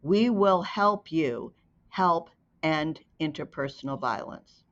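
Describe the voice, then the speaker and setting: A woman narrates a story at a very slow, deliberate pace, weighing each phrase. Her tone is earnest, and the recording is dull and lo-fi. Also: low voice, lively intonation. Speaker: advocate narrator.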